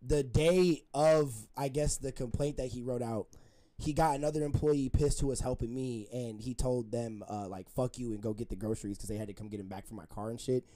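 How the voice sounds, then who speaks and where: A man's voice: medium pitch, steady tone, fairly quick, warm tone. A young man telling a story in casual podcast chat, rambling with lots of fillers and frequent laughter.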